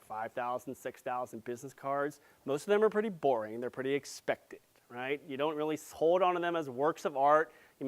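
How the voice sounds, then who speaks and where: A man giving a live conference presentation, playful and jokey, with quick asides to the audience. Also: medium pitch, smooth. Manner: grows loud and excited as he goes. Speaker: conference speaker.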